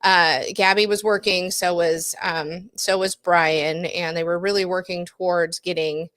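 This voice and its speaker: A woman's voice: lowish voice, steady tone, unhurried, fairly bright tone, no room sound. A woman co-hosting a podcast, retelling a true-crime case in a chatty way, with lots of fillers, self-corrections and easy laughs. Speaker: podcast co-host. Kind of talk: casual true-crime chat.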